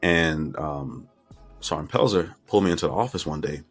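A man's voice: a bass voice, normal speed, faint music behind. A middle-aged man from Florida, candidly recounting his life story as an interview guest and acting out remembered conversations. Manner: candid, reflective, acts out remembered dialogue. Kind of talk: personal storytelling.

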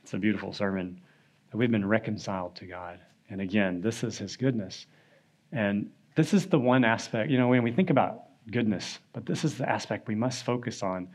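A man, his voice sitting a little low, leads a Sunday school class in a church classroom. He talks in a loose, conversational way, reads scripture aloud, and keeps checking in with the group. When he tells a story, his delivery turns lively. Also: moderate pace. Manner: conversational, often asks "right?", animated when telling a story. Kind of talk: casual Bible lesson.

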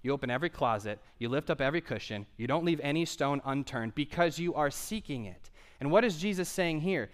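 A man preaching a sermon, earnest and emphatic, with conversational asides to the congregation and swings from quiet to loud. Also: mid-range voice, lively intonation, a little fast. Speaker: pastor.

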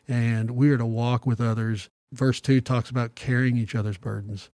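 A middle-aged man talking about faith in an earnest, reflective way, pausing to restart his sentences. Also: medium pitch, darkish tone, dry recording. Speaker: podcast guest. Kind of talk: casual Bible discussion.

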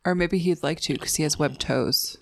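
A woman's voice: sits low, moderate pace, a little mellow. A woman co-hosting a movie podcast, giggling often in casual chat. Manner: giggly, sings snatches of songs. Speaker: podcast co-host.

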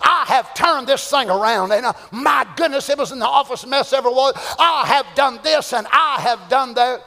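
A man's voice: very high-pitched, normal speed, creaky, bright, forceful tone, heavily acted. A man preaching, putting on the voice of a boastful ancient king who brags about what he has done, with long hall reverb. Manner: bragging, self-congratulating.

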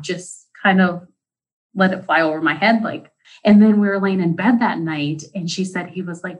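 A woman who works with students, telling a story about a child in an animated way and quoting the voices of others. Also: fairly low pitch, normal speed, poor audio. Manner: animated retelling with quoted voices. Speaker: school staff member working with students. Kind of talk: storytelling in a panel discussion.

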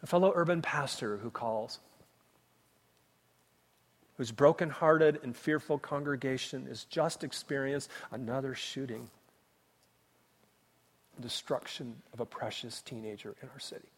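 A man preaching a sermon as pastor, impassioned, swinging between loud cries and hushed tones. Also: mid-range voice, a little slow, long pauses, husky. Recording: long reverb of a large hall.

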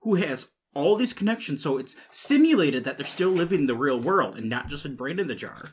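Man, husky voice, lively pitch, tabletop player, chatty. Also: fairly quick. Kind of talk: casual tabletop game chat.

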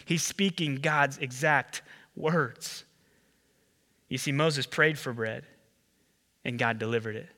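A man preaching a sermon as pastor, animated, acting out the people in the story. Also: slow pace, pauses often, long reverb tail. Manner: animated, acts out the disciples and Jesus with rising pitch.

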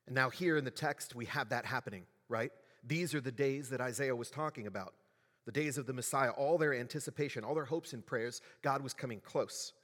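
A male pastor delivers a sermon at a middle pitch, talking to the congregation in a conversational way and asking them questions. His voice rings with the long reverb of a large church hall. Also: brisk, a bit bright.

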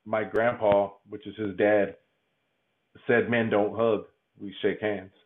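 Halting man on a tinny line. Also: lowish voice, little pitch movement. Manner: halting, repeats words, laughs often. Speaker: podcast guest. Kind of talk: candid conversational interview.

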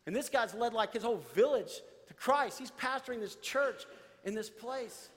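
High-voiced pastor preaching. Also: male voice, moderate pace. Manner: storytelling, animated, addresses church directly. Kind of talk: sermon. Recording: reverberant church hall.

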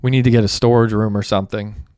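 A man's voice: lowish voice, fairly even intonation, fast, darkish tone, smooth, no room sound, clean studio sound, lightly acted. A man voicing a young male store clerk who talks bluntly and swears when exasperated.

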